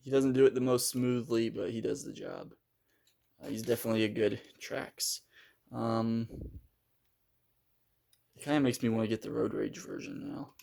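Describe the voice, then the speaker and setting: A man's voice: mid-range voice, fairly even intonation, normal speed, gravelly, pauses often, warm tone. A man giving a casual, unscripted toy review, hesitant and full of fillers as he handles the figure.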